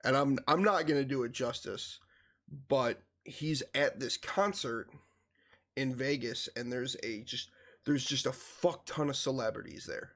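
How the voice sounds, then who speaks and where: A man's voice: mid-range voice, unhurried. A man hosting a gaming podcast, telling stories in casual, profane chat. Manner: profane, animated storytelling. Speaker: podcast host.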